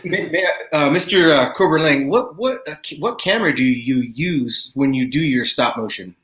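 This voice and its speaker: Hesitant, excitable man in an echoey room. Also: on the high side. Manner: halting, full of fillers, swears enthusiastically. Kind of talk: casual livestream chat.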